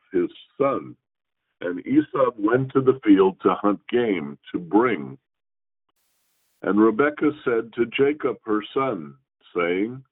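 A man reading scripture aloud and pausing to explain it as a Torah teacher, in a slow, measured way. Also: lowish voice. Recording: phone-like radio broadcast.

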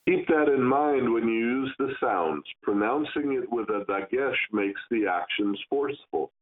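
Slow, stern man teaching letter sounds. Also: medium pitch, lively intonation. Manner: slow, instructive and stern, stretching words to demonstrate. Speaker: Kabbalah teacher. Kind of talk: recorded lesson on Hebrew letter sounds. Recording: tinny phone-like sound.

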